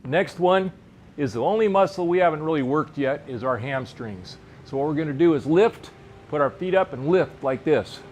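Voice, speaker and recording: His voice is fairly high and expressive, darkish in tone, at a moderate pace, with slight background noise. The man, in his sixties and close to seventy, stands on a covered park veranda giving a casual demo of fitness exercises for fly fishers, coaching plainly while moving.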